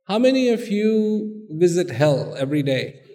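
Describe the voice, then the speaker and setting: A man preaching, telling a story and asking the audience animated questions, in a hall with long reverb. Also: sits high, measured pace. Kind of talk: sermon storytelling.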